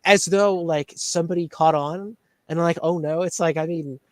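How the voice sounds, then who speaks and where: A man's voice: fairly even intonation, moderate pace, dry recording. A man telling a story in casual chat, ranting about a rival and mimicking him. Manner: ranting, mimics others in a higher voice. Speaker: shirt shop owner.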